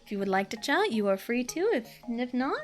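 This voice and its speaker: High, lively Midwestern woman streamer. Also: fairly quick. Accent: Midwestern American. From Kansas. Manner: giggly, chatty, frequent laughs. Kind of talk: casual live-stream chat while gaming. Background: faint game music.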